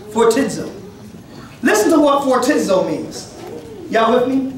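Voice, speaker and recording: A man in his forties preaching a sermon as pastor, with impassioned shouted peaks and laughter, calling out to the congregation. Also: very high-pitched, expressive, normal speed, slight background noise. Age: 40s. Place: church. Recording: echoey church from a distant mic, congregation audible. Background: congregation responding.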